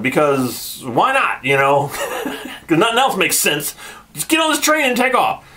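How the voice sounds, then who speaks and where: A man talks through a TV episode in a loose, casual review, his voice sitting a little higher than most men's. He is sarcastic and animated, laughing often as he acts out scenes. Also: measured pace. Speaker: channel host reviewing a TV episode.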